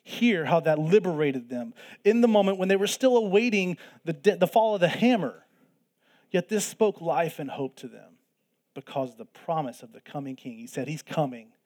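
A man's voice: a little high, expressive, moderate pace, a little mellow. A man preaching a sermon in an earnest way, repeating phrases for emphasis. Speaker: pastor.

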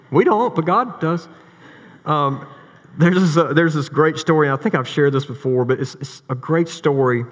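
A man preaching a sermon as a pastor, talking in a conversational way and telling stories with lively, repeated words. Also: fairly high pitch. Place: church sanctuary. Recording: long hall reverb.

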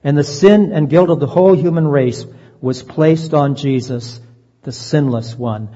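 Guy preaching a sermon, earnest and slow on the big words, long echo hanging in a big hall. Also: a little high, warm tone. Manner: earnest, slows down to stress key phrases. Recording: dull lo-fi sound, long reverb.

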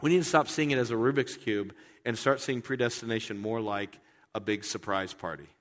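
A man preaching a sermon in an animated, joking way, often repeating words. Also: on the low side, a little fast, in a large hall. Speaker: pastor.

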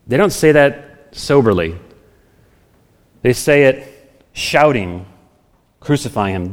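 A male pastor preaching in an easy, conversational way, thinking out loud with homely examples. His mid-pitched voice rings out with a long hall reverb behind it. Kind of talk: expository sermon.

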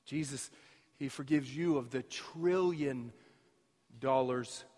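A man preaching a sermon as pastor, his emphasis surging loud and then dropping to near quiet. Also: medium pitch, takes it slowly. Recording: reverberant hall.

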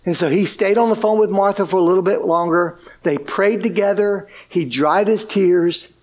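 A man preaching a sermon, telling a story with lively delivery and acting out quoted lines. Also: sits high, normal speed. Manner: animated, acts out quoted speech. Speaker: pastor.

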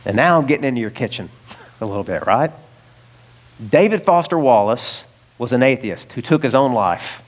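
A US pastor preaches at normal speed in a sing-song, medium-pitched voice. His sermon is conversational, sprinkled with chuckles and asides aimed straight at the listeners.

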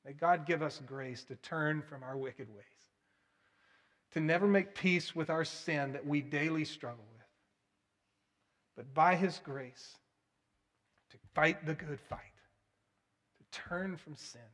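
A man delivers a sermon with earnest emphasis. His voice sits a little high for a man. He pushes key words out loudly, then drops to a quiet, hushed appeal. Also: slow pace, pauses often. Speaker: preacher.

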